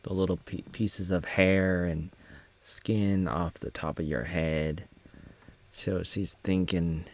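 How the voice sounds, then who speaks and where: A man in his thirties from Oregon talks his way through a film in a loose, joking commentary. His voice sits a little low, and he speaks at an unhurried, drawn-out pace. Now and then he slips into sing-song asides. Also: fairly even intonation. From Oregon, United States. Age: 30s. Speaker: video maker recapping a film. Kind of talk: casual movie commentary.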